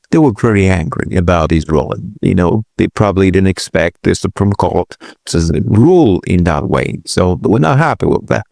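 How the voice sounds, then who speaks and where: A man's voice: low voice, vocal fry, a little mellow, no echo, studio quality. A man hosting political commentary, reacting to clips with hesitant restarts and incredulous exclamations.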